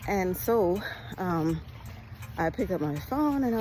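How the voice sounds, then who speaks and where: A woman from Jamaica vlogging casually on a beach at sunrise, talking fast and chatty with laughs, recorded on a phone at arm's length. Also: fairly low pitch, animated, over music, rough recording. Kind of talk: casual walking vlog.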